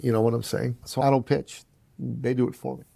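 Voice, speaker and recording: Brisk and full of vocal fry, this man's voice comes through with no echo. As a podcast guest recounting his own story, he calls the listener "brother" and acts out the people he quotes, jumping dramatically in pitch.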